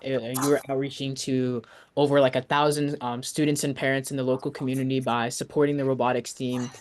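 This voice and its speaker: A teenage boy co-presenting an online workshop, giving upbeat feedback with quick talk and many fillers over a video call. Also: mid-range voice.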